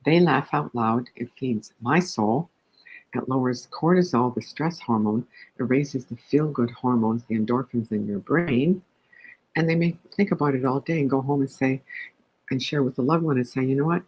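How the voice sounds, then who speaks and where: Husky-voiced woman telling a joke. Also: very deep voice, moderate pace, poor audio. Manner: animated joke-teller. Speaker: guest. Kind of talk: interview conversation.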